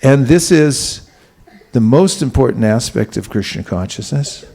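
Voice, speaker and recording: A man giving a relaxed, conversational spiritual talk, asking the audience questions and chuckling now and then. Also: medium pitch, unhurried. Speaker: spiritual teacher giving a class. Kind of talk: conversational sermon.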